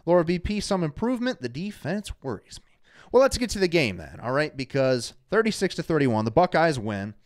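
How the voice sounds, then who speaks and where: A man hosting a live fan talk show from a studio, energetic and reading out viewers' names. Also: a little high, a little fast. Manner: energetic, shouts out viewers by name. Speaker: show host. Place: studio under hot lights.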